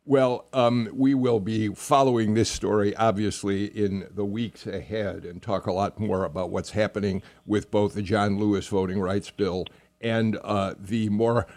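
A man hosting a political radio talk show, speaking in a halting way with many fillers and a wry edge. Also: on the low side, steady tone, darkish tone, no echo. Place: radio studio.

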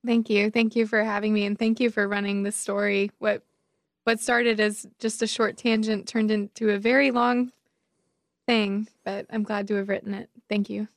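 A woman's voice: medium pitch, flat delivery, moderate pace, gravelly, dry recording, clean studio sound. A woman writer from Georgia, a guest on a podcast, talking cheerfully and laughing often. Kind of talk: conversational interview.

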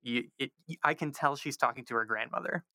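A man's voice: medium pitch, brisk, vocal fry, pushed and bright, dry recording. A man from the American South, a linguistics professor, answering radio interview questions thoughtfully with many fillers and restarts. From American South, North Carolina.

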